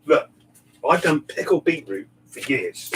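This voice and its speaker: A man, a barber hosting a livestream, chatting in an animated, excitable way, laughing often and swearing casually. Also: on the high side, unhurried. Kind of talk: casual chat. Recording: distant mic with faint background noise.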